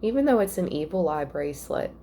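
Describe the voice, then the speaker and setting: A woman giving a casual spiritual reading at home, chatty and thinking out loud with soft asides. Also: sits low, big pitch swings, fast talker, a little hiss or hum. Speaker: tarot reader.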